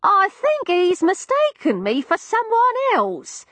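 A fretful, elderly deaf widow, as a woman puts her on, her voice pitched high above the narrator's and drawn out slowly. She speaks loudly and in bewilderment, like someone who can barely hear. The sound is dry and close. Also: huge pitch swings, no room sound, full character voice. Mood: bewildered. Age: older. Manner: slow, loud and bewildered.

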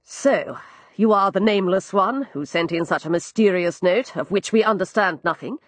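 A man's voice: high voice, expressive, normal speed, no echo. A woman voicing a nervous, anxious young nobleman who talks in a flustered, pleading way.

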